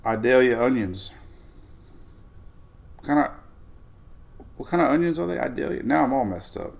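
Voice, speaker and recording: Gravelly, rambling male weather host. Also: mid-range voice, animated, moderate pace, pauses often. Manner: rambling, chuckling, self-interrupting. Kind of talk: casual live-stream weather talk.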